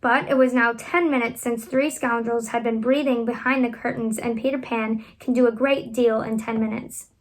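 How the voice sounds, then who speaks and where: A woman reading a children's classic aloud at home, expressive and animated, lifting her voice for the children's lines. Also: fairly high pitch, normal speed, hardly any pauses. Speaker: reader.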